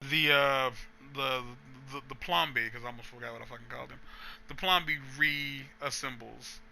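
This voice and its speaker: A man's voice: medium pitch, moderate pace, vocal fry, pushed and bright. A man hosting a gaming channel, telling a rambling story full of swearing and asides while he plays. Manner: profane, rambling, many restarts and asides.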